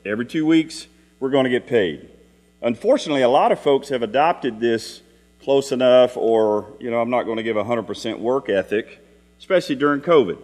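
Middle-aged male preacher, folksy storyteller, mid-pitched voice, long hall reverb and a mains hum behind. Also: expressive, brisk, darkish tone. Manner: folksy storytelling with rhetorical questions. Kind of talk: Sunday evening sermon.

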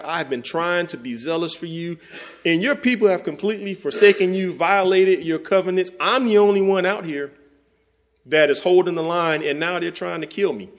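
A preacher voicing a worn-out prophet who feels utterly alone. His pleading runs high and frustrated, and it climbs as his despair grows. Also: natural voice. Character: weary, discouraged prophet, grown man, feeling alone.

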